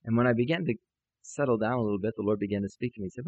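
A man preaching a sermon in a dry, dull-sounding lo-fi recording. He tells a story from his own life and acts out each side of the conversation. His delivery is animated and climbs into joyful exclamations. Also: medium pitch, racing, no room sound. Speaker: pastor.

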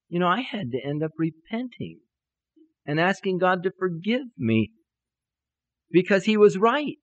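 Animated male pastor telling a sermon story. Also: high voice, unhurried, pauses often, no echo, muffled recording. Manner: animated, acts out dialogue, rising to exclamations.

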